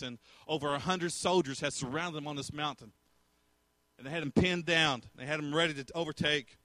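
Male preacher, brighter slightly high voice, dry close sound, emphatic storyteller. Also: dry recording. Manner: emphatic, storytelling, acts out quotes and laughs. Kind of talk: sermon.

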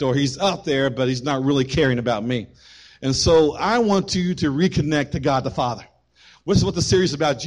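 Animated man preaching a sermon. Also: fairly high pitch. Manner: animated preaching, rising and dropping in loudness, quips to the congregation. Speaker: pastor.

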